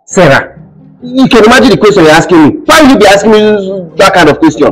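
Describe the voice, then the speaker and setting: A man's voice: high-pitched, expressive, fast talker, low-quality recording. A man playing a young boyfriend who pleads and protests, indignant at being accused. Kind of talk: amateur skit acting. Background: background music.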